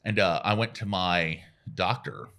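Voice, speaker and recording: A man in his forties, a radio guest telling self-deprecating stories in casual chat and acting out quotes with a jump in pitch. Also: measured pace, bright, forceful tone. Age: 40s.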